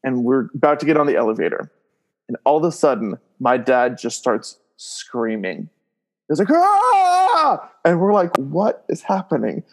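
A man with a medium-pitched voice speaks at a moderate pace as a podcast guest, sharing family stories in a casual chat. He's an animated storyteller who laughs a lot, acts out loud screams in his tales, and leans heavily on fillers like "like" and "um."

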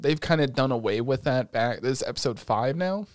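A young man hosting a casual chat, retelling an anime with lots of swearing and excitable energy. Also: medium pitch, moderate pace, no echo, clean studio sound. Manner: profane, excitable storytelling.

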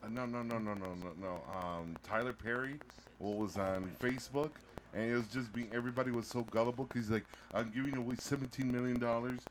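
A man's voice: on the low side, fairly quick, a little hiss or hum. Laid-back man in casual podcast chat. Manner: laid-back, hesitant restarts, laughs often. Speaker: podcast co-host.

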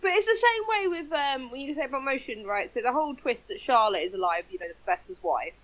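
A woman co-hosting a casual game review chat, playful and giggly, mimicking characters' flat lines. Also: high-pitched, fast. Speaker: podcast co-host.

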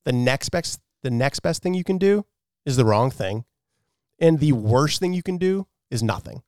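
A man's voice: medium pitch, lively intonation, normal speed, darkish tone, dry recording, studio quality. A man co-hosting a podcast, chatting casually, swearing often and laughing easily. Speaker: podcast co-host.

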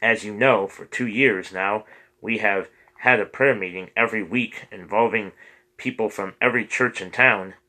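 A man's voice: on the low side, normal speed, bright, forceful tone, rough recording. A man reading the lines of an earnest priest who pleads with his congregation for peace. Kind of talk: audiobook character reading.

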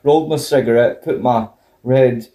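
A man's voice: medium pitch, normal speed, dark tone, reverberant. A Scottish man telling a sweary, laughing anecdote in casual chat.

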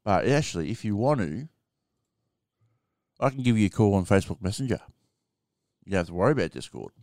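A man's voice: lowish voice, sing-song, brisk, a little mellow, dry recording, studio quality. An Australian man hosting a live stream, chatting casually with callers and swearing freely.

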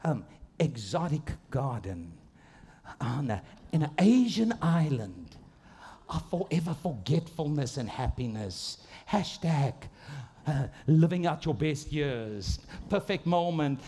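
Man, high-pitched, preaching, animated, acts out voices. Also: measured pace. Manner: animated storytelling with mimicked inner voices. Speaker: pastor. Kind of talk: sermon.

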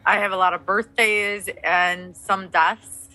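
Woman, bright clear voice, short hesitant answers, faint music behind. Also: mid-range voice, level tone, takes it slowly. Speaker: person receiving the reading.

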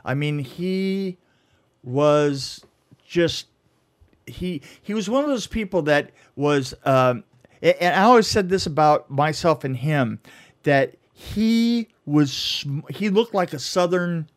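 A man's voice: a little high, expressive. Rambling, laughing man telling a story. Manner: rambling, halting, laughs a lot. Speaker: podcast co-host. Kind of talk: casual storytelling chat.

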